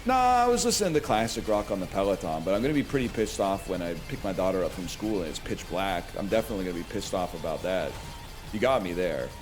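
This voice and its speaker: A man in his thirties streams a video game while chatting casually and jokingly, rambling from one tangent to the next. His voice is low and sing-song, he speaks fast, and the background is noisy.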